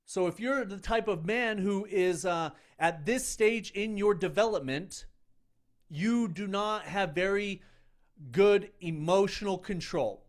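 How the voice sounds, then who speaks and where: A man's voice: high-pitched, slow. A middle-aged man coaching other men in an earnest, emphatic self-help talk, speaking in short punchy phrases. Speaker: men's coach.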